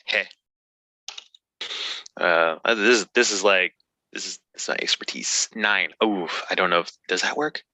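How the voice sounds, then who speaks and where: Man, sharp tense voice, slightly low, questioning, unsure of the rules, dry sound. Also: unhurried, long pauses. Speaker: player. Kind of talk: casual chat during a tabletop game.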